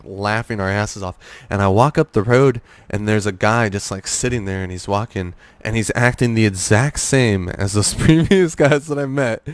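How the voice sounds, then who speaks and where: A young man talks casually as a guest on a gaming podcast, rambling with plenty of fillers and false starts. His voice sits low and sounds smooth and clean. The sound is dry and close. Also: no echo. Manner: rambling storyteller, many fillers and restarts.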